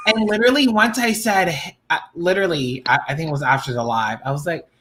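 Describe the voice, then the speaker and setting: A woman co-hosting a casual chat, telling animated stories and swearing freely. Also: sits low, quick pace, background noise.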